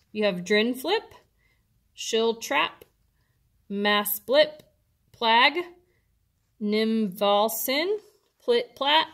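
A woman's voice: fairly high pitch, a bit bright. Patient woman teacher explaining a worksheet. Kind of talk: classroom instruction video.

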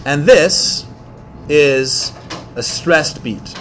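A man teaching an English class, explaining in quick bursts with many fillers and restarts. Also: a little high, fairly bright tone, a little hiss or hum. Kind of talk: classroom lecture.

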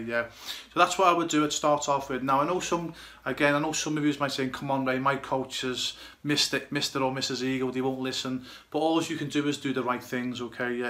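Bright-voiced man coaching goalkeepers. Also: medium pitch. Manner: rambling, many fillers and restarts. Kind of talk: casual advice to young players.

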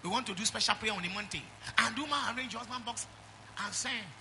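A middle-aged man with a Nigerian accent preaches a sermon in church as a pastor, calling out to the congregation and swinging between loud exhortation and quiet asides. His voice sits high and creaky, he talks fast, and there's a slight hiss or hum in the audio.

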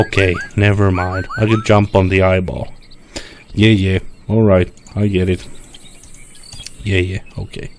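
A gameplay streamer with a lowish voice narrates his own let's play, talking to himself, getting frustrated, and swearing often. There's slight background noise.

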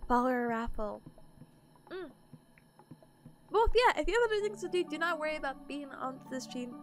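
A woman's voice: sits high, animated, normal speed. A sleepy woman streamer chatting casually with her viewers, giggling often and greeting people in chat.

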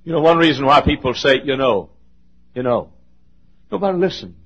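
A man preaching a sermon as a pastor, impassioned, joking now and then, dropping from shouts to near whispers. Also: medium pitch, expressive, normal speed, husky, muffled recording. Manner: joking asides.

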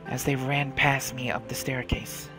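A man's voice: medium pitch, steady tone, measured pace. Man narrating a game over music. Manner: dramatic, immersed reading. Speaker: let's play host. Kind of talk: reading game text aloud with commentary.

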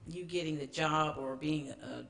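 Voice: medium pitch, fairly even intonation, measured pace, creaky, a bit bright. An audience member asks a question from the floor, hesitating and rephrasing partway through.

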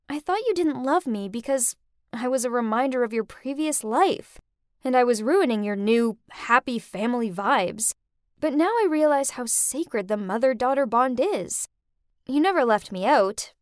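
A woman voicing a teenage older sister who was jealous and bratty, speaking earnestly and apologetically in an animated story. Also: on the high side, measured pace, dry recording, clean studio sound. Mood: apologetic.

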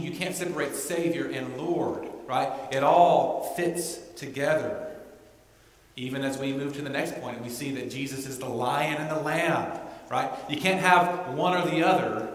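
Preacher in an echoey church hall. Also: male voice, on the high side, moderate pace. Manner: conversational, often asks "right?". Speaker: pastor. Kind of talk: sermon. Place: church sanctuary.

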